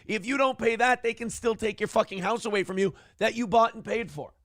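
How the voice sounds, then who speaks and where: A man's voice: high-pitched, brisk, fairly bright tone, no echo, clean studio sound. A male morning show host in casual talk-show banter, ranting and swearing freely. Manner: profane, ranting.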